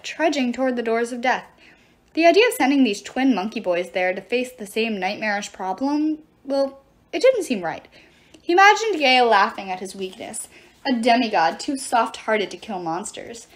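A woman reading a novel aloud, narrating expressively and acting out the characters. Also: a little high. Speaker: audiobook reader. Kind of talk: storybook narration.

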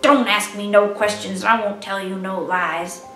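Woman reading as a curt housemaid, lower voice, roomy far-off sound. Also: steady tone, moderate pace, a bit bright, close to an everyday voice. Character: red-haired servant Ruth, blunt. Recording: echoey room, distant mic, faint music.

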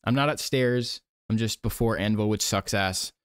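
A man streaming a game, giving soft-spoken ASMR commentary with gentle self-talk and the odd casual swear. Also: lowish voice, normal speed, smooth, dry recording, clean studio sound.

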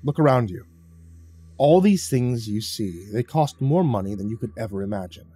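A man voicing a stern older male caretaker boss with a heavy Eastern European accent, speaking slowly and gravely. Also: medium pitch, lively intonation, mellow, soft background music. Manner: grave, slow, commanding.

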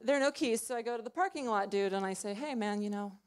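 A woman's voice: a little high, fast talker, clean tone. Chatty young woman telling a story. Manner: chatty, self-mocking, full of "like" and "you know". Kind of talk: live storytelling on stage. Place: small club stage before an audience.

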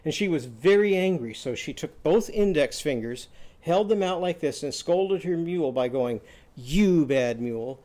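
A man teaching a phonics lesson, telling short stories and quizzing the class with loud, drawn-out vowel sounds. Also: fairly high pitch. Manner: animated, loud drawn-out vowel shouts and quiz prompts.

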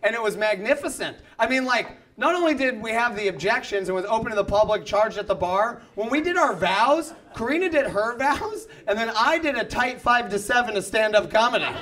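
A man doing a stand-up set in a comedy club, animated, acting out the people in his stories. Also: very high-pitched, fairly quick, hardly any pauses. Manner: animated, acts out voices. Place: comedy club, half full. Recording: live club with audience laughter.

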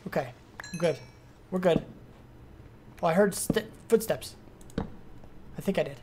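Excitable rambling gameplay streamer. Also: mid-range voice, a little slow, long pauses. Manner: rambling, excitable, frequent fillers. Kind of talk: casual gameplay commentary.

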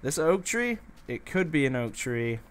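A man's voice: fairly high pitch, very animated, unhurried, slight background noise. A man giving casual, playful let's-play commentary, chatting to the animals and villagers as he goes. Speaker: gameplay commentator.

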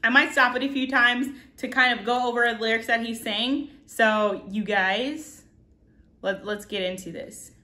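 A woman hosting a casual reaction video, excitable and thinking out loud. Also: on the high side, unhurried, reverberant. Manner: excitable, exclaims and thinks aloud.

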